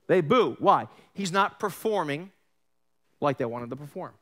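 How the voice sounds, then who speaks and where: Animated New pastor preaching. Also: male voice, fairly high pitch, a little slow. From Long Island, New York. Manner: animated storytelling, acts out quoted voices, sarcastic asides. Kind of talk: sermon.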